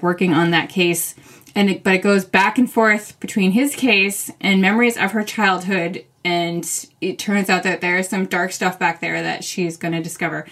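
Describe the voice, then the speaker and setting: A woman's voice: on the low side, fairly bright tone. A woman co-hosting a podcast, chatting casually and enthusiastically about new books, laughing easily. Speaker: podcast co-host. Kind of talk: casual book chat.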